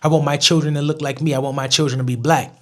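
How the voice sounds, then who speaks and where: A man's voice: on the high side, flat delivery, fast talker, fairly bright tone. A young man ranting bluntly to camera in a casual vlog, swearing freely. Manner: blunt and profane, with mocking put-on voices. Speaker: vlogger. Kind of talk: casual opinion rant to camera.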